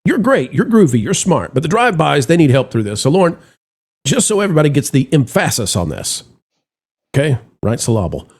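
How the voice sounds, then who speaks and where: Animated, theatrical man hosting a commentary chat. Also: fairly high pitch, brisk, husky. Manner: theatrical, mock-solemn, addresses audience as folks. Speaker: show host.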